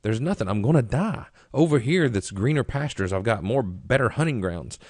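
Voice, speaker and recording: A man's voice: medium pitch, animated, moderate pace, darkish tone, breathy edge, no room sound, studio quality. A man voicing a scheming scorpion in a fable, talking insistently and wheedling. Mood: pleading. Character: pleading scheming male scorpion. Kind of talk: storytelling in a seminar.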